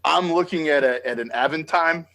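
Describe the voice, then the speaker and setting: Excitable American man hosting a podcast. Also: a little high, normal speed. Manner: excitable, animated storytelling with laughs. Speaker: podcast host. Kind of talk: enthusiastic interview chat.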